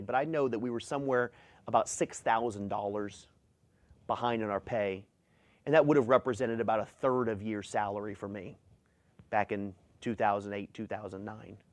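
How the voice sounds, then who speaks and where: A man's voice: on the low side, a little mellow, no echo. A middle-aged male pastor preaching a sermon, reading scripture aloud and driving his points home with emphasis.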